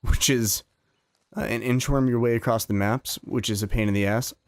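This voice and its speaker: A man's voice: mid-range voice, fairly even intonation, normal speed, no echo, studio quality. A young man giving casual, rambling let's-play commentary while he plays, telling stories and swearing now and then. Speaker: gameplay commentator.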